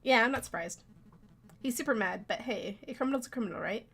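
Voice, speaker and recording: A woman's voice: on the high side, expressive, quick pace, a bit bright. A brash male prison guard from a game, read by a woman, offhand and careless in tone. He talks plainly and bluntly. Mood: mocking.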